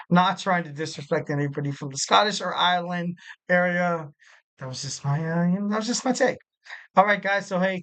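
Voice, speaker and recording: A young man hosting a wrestling podcast solo, talking casually in a rambling, animated way with frequent laughs. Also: high voice, poor audio. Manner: rambling and animated, full of "like" and "you know", laughs a lot.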